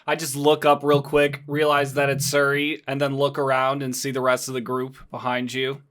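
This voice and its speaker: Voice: mid-range voice, completely flat delivery, moderate pace, fairly bright tone, lightly acted. A performer playing a folksy, drawling frontier lawman who talks in a threatening way, in a tabletop game. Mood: exasperated. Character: gruff frontier lawman, adult man.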